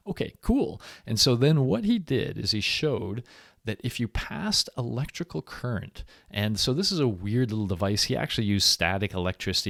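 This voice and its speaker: A man's voice: lowish voice, gravelly, fairly bright tone, dry recording, clean studio sound. A man giving a recorded university lecture in a conversational, explaining way.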